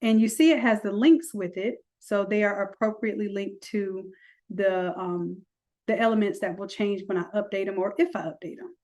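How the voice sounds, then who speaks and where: A woman walking through a software design tutorial, chatty, with folksy asides. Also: mid-range voice, fairly even intonation, moderate pace. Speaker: design instructor. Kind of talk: screen-recorded software tutorial.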